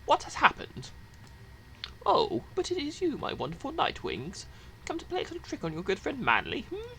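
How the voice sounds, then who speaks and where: A man's voice: very high-pitched, huge pitch swings, moderate pace, gravelly, pushed and bright, slight background noise, pitched above the performer's own voice, full character voice, poor audio. A man voicing a pompous, smug male rival who speaks in a theatrical, condescending sing-song.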